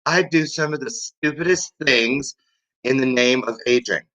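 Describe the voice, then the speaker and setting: A man's voice: mid-range voice, moderate pace, pushed and bright, rough recording. A man in his fifties hosting a casual talk show, rambling and joking with frequent laughs. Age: over 50. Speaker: host. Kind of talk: casual chat show monologue.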